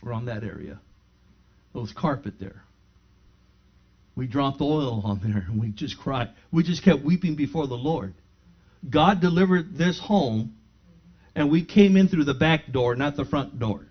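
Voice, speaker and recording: Middle-aged pastor telling a testimony. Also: male voice, medium pitch, measured pace, long pauses. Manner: animated storyteller who acts out both sides of a dialogue. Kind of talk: sermon with personal testimony. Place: his own home living room. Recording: slightly dull lo-fi sound.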